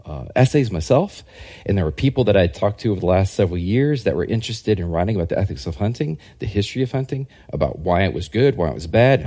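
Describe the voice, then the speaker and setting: A man, a historian and scholar, giving a casual podcast interview and telling rambling, animated anecdotes. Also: lowish voice. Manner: rambling, animated anecdotes that act out quoted people. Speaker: guest historian and religious scholar.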